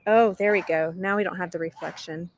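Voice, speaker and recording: A woman's voice: fairly low pitch, fairly even intonation, a little fast, slight background noise. A middle-aged woman hosting a live English lesson stream, chatty and reading viewer comments aloud, laughing often. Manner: laughs often between remarks. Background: dogs barking.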